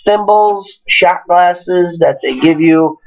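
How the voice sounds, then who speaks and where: A man's voice: high voice, takes it slowly, dull audio. Rowdy young man telling a drinking story. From Wisconsin. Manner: profane, animated, swings into quoted voices. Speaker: podcast host.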